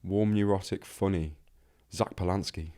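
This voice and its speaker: A man talking candidly as an interview guest, reflective and halting, with many restarts. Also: low voice, fairly even intonation, dark tone.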